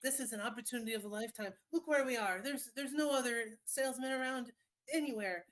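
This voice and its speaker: Woman doing a high, fawning huckster, all pitch and no pause. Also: a bit bright, close to an everyday voice. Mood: wheedling. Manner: wheedling, overly polite sales pitch. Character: pushy invisible male salesman.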